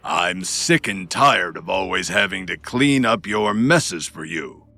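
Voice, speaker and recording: A man doing a hoarse, domineering middle-aged chief herbalist. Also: animated, slow pace, pushed and bright, faint music behind, full character voice. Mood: scolding. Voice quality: low and hoarse. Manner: cold, scolding, domineering. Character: stern middle-aged male chief herbalist, arrogant father. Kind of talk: audiobook narration.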